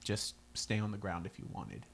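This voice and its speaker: A man narrating as game master in a tabletop game, relaxed and quick to laugh. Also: lowish voice, creaky, a little hiss or hum. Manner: relaxed, laughs often, easygoing.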